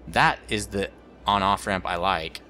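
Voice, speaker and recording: A man's voice: deep voice, unhurried, bright, forceful tone, slight background noise. A man rambling through let's play commentary as the host of a gaming channel, joking about his own mistakes.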